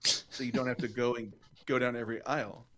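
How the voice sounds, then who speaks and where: A man's voice: mid-range voice, steady tone, a little fast, pushed and bright. A man co-hosting a casual online group chat, playful and teasing. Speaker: co-host. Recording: video call audio.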